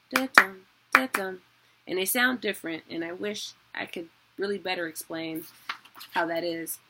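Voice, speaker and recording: A woman's voice: lowish voice, bright, forceful tone. A young woman giving a casual, chatty online lesson, laughing at herself as she explains. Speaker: teacher.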